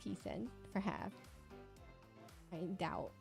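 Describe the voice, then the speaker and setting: A woman streamer chatting casually while she draws, with a slight lisp and fast, tumbling speech full of restarts. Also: fairly low pitch, very animated, gravelly, a little mellow, faint music behind.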